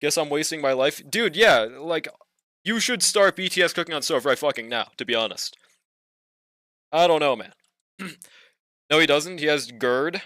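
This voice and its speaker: Young male game streamer, casual and profane, slightly higher voice, dead-dry recording. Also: animated, moderate pace, pauses often, sharp tone, no room sound. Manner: laid-back, slangy, swears, laughs often, trails off. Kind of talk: casual livestream chat while gaming.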